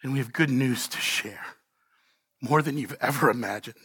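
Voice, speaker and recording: A man preaching a sermon with fervor, moving between quiet, earnest points and loud, pleading cries, and ending in prayer. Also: mid-range voice, moderate pace, breathy edge, dry recording, clean studio sound. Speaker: pastor. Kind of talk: closing prayer.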